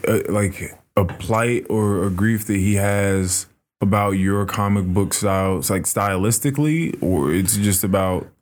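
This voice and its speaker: A man's voice: on the low side, a little slow. A man hosting a casual podcast chat who asks curious, probing questions.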